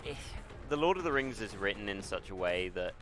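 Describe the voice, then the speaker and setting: A man's voice: on the low side, sing-song, a little fast, a bit bright. A man streaming a shooter game, chatting in a rambling, musing way and muttering at the game between thoughts, with game music and gunfire behind him. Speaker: gaming streamer. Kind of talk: casual stream chat while gaming.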